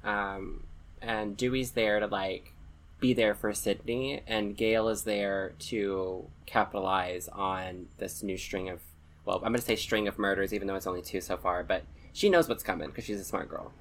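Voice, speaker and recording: A man with a very low voice talks films on a podcast. He reasons things through carefully, hedging with ums and you-knows as he builds his point in a casual chat. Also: steady tone, fairly bright tone, a little hiss or hum. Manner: analytical, measured, hedges with fillers. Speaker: podcast co-host. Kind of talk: casual film discussion.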